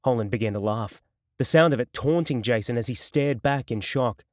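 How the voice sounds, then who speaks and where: A man narrating a crime novel audiobook in a steady, measured storytelling voice. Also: medium pitch, no echo, studio quality.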